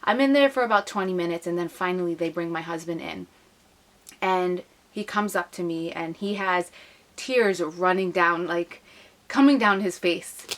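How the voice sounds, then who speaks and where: Young woman, vlog storytelling, emotional, slightly low voice. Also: normal speed, fairly bright tone. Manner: emotional, retelling with acted quotes. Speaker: vlogger. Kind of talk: personal storytelling to camera.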